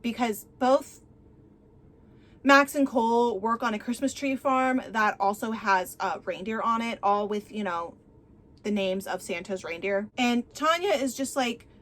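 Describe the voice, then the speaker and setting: A woman's voice: fairly high pitch, measured pace, fairly bright tone. A woman casually recapping a romance novel, chatty and retelling the scenes. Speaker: book reviewer.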